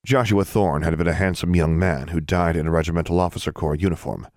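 A man with a very low, deep voice narrates a fantasy audiobook. His reading is even and measured, and the recording is close and dry with no room sound. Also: no echo. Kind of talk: scripted narration.

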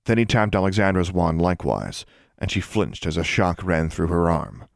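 A man with a very deep, gravelly voice reads a fantasy chapter aloud. His narration is measured and even. The recording is dry and close. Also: dry recording. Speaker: audiobook reader. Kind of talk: storybook narration.

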